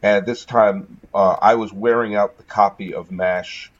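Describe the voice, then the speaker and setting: A man's voice: on the low side, steady tone, a little slow, lo-fi sound. A man around fifty, from Massachusetts, chatting casually as a podcast host and telling a story with wry jokes. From Massachusetts, USA.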